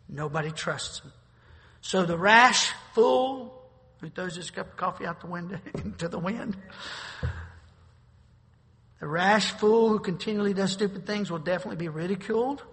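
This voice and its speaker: A middle-aged male pastor preaching a sermon, moving between folksy storytelling and forceful exhortation. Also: high-pitched, brisk. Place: church sanctuary. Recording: long hall reverb.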